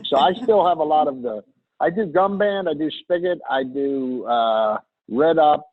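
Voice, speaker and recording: A man's voice: a little high, normal speed. A middle-aged man with a Pittsburgh accent, co-hosting in casual chat and joking while rambling with restarts. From Pittsburgh, USA. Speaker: co-host. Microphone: remote video call. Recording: phone-line audio.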